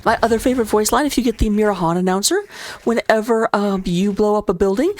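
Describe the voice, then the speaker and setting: A woman casting a live video game match as commentator, playful and jokey, her voice jumping up with sudden excitement. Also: mid-range voice, quick pace, dry recording. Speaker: esports caster.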